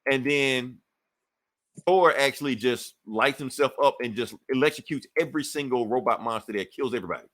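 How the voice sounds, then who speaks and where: A man's voice: medium pitch, fairly quick, a bit bright. A man co-hosting a podcast, recapping a comic book in a loose, profane, laughing way. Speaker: podcast co-host.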